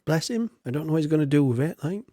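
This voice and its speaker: A man's voice: a little high, rapid-fire, dark tone, no room sound. Man, game streamer, rambling chat, self-mocking, dry close sound. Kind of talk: casual gameplay chat.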